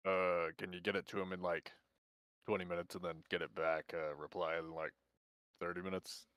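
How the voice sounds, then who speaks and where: A man playing in a tabletop game, joking with deadpan asides. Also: low voice, moderate pace, clean tone, no room sound, studio quality. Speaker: player. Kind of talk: tabletop role-play banter.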